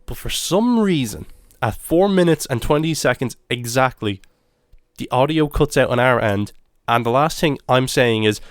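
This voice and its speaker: Young male podcast co-host, smooth and clear, dry close sound, animated storyteller. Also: medium pitch, moderate pace, dry recording. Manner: animated storytelling, swears a lot. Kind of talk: casual chat.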